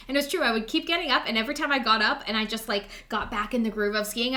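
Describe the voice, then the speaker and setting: A woman's voice: fairly high pitch, fast talker, hardly any pauses, sharp tone. A young woman co-hosting a podcast, telling a story in an upbeat, chatty way, full of "like" and acted-out quotes. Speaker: podcast co-host. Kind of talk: casual storytelling chat.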